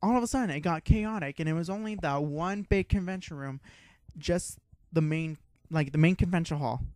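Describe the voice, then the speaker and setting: An excitable young man with a fairly high voice, co-hosting a casual podcast. He tells his story with a lot of swearing and animated energy. The sound is dry and close, with no room echo. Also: normal speed. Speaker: podcast co-host. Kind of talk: casual chat.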